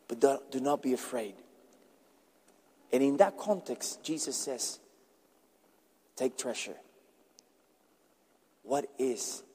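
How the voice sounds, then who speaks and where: A pastor preaching a sermon emphatically, repeating words for stress. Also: male voice, mid-range voice, dark tone, husky. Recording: long reverb in a large hall.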